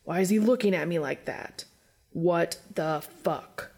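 A woman's voice: fairly low pitch, unhurried, vocal fry, a little mellow. A woman voicing a flustered, panicking grown man who sputters and stammers. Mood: panicked.

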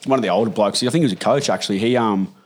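A man's voice: lowish voice, rapid-fire. A young Australian man hosting a casual chat among mates, telling crude stories full of slang and swearing, often breaking into laughter.

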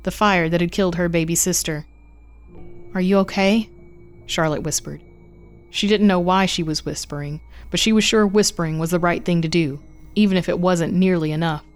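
Lower-voiced woman narrating horror fiction. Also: fairly quick, faint music behind.

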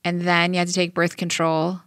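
A woman with a fairly low voice conducts an interview, summing up the story so far before pressing with probing questions. Her voice sounds close and dry. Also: monotone, brisk, fairly bright tone, smooth, dry recording. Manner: probing, recaps before asking.

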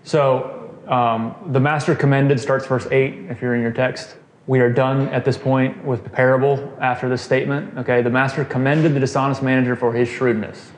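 Bible study leader, male, mid-pitched, easygoing teaching talk, recorded in an echoey room with faint hiss. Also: flat delivery, moderate pace. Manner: casual, quizzes the group, frequent "okay" and "right". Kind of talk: conversational scripture teaching. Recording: roomy echo, faint noise.

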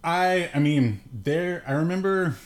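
A man's voice: fairly high pitch, animated, a little slow. A man hosting a podcast in casual chat, joking and laughing often, with plenty of fillers. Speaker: podcast host.

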